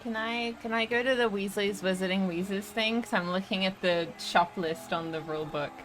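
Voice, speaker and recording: A woman's voice: medium pitch, normal speed, a bit bright, soft background music, low-quality recording. A woman with an Australian accent playing in a tabletop game, talking hesitantly with many ums and likes. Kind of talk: in-character role-play.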